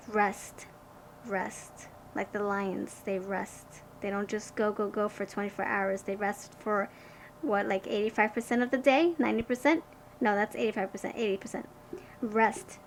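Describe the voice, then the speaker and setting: A woman giving a pick-a-card tarot reading, gushing and excited, tripping over and restarting her words, then slowing to a hushed, soothing tone for advice. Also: fairly high pitch, a little hiss or hum, low-quality recording.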